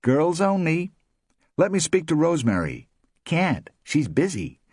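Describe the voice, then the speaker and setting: A blunt, sharp-tongued woman who pushes back hard, as a male narrator puts her on. Her lines come high and clipped, with a husky grain and a dry, close sound. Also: wildly swooping pitch, unhurried, dry recording, exaggerated voice. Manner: blunt, pushy.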